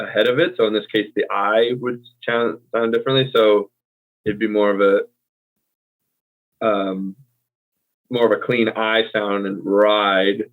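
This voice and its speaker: An American man with a fairly low voice talks through a point of English usage, pausing often on ums and circling back to fix his own words. His voice comes over a thin, phone-like call line, clipped at both ends of the range. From United States. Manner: hesitant, many ums, self-correcting. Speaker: co-host and English tutor. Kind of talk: casual teaching chat. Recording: tinny phone-like call audio.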